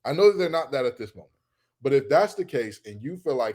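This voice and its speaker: A man co-hosting a sports talk podcast, speaking emphatically and repeating points for stress, often climbing much higher when he rants. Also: very animated, fairly quick, warm tone.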